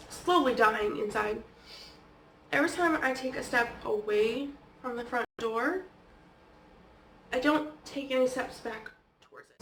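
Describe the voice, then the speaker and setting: A woman vlogger with a somewhat high voice tells personal stories in a loose, conversational way. She keeps dropping "like" and "okay?" as she talks. She sits back from the mic in an echoey room with faint background noise. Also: gravelly, fairly bright tone, far from the mic. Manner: chatty, peppered with "like" and "okay?". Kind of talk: casual personal storytelling.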